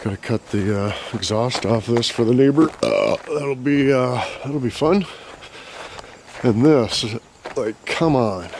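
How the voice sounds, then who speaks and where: A man's voice: medium pitch, measured pace, darkish tone. Profane man ranting casually. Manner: profane, exasperated storytelling. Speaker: vlogger. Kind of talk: casual chat while renovating. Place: trailer under renovation. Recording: faint background noise.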